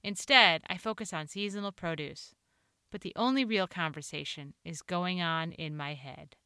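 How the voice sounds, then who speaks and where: A woman author reading her own personal story aloud, earnest and expressive. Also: on the low side, normal speed, smooth, dry recording, clean studio sound. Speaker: author and show host.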